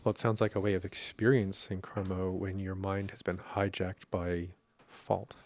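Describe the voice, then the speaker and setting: Low-voiced rambling Canadian man. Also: little pitch movement, normal speed, darkish tone. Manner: rambling, laughs often, many restarts. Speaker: podcast host. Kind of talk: casual conversational podcast talk.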